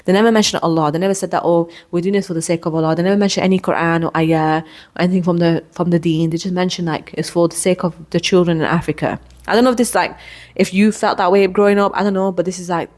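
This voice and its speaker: A woman's voice: fairly low pitch, darkish tone. A woman in her thirties hosting a podcast, telling a personal story in a candid, rambling way with frequent restarts. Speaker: podcast host.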